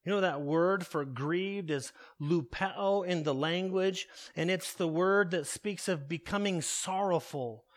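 A man preaching a sermon, slow and deliberate, repeating his key phrases for weight. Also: sits high.

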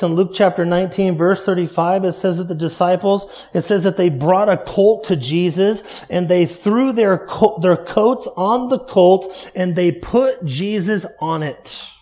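A man preaching a sermon, emphatic, repeating key phrases and dropping softly low for stress. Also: a little slow. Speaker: pastor.

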